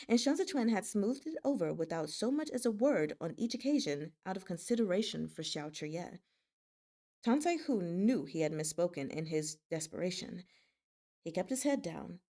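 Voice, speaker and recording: A woman's voice: medium pitch, expressive, normal speed, warm tone. A woman hosting a live read-aloud of a novel, narrating steadily and chatting in a giggly way with her listeners. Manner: giggly, chatty between readings. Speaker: narrator and live-stream host.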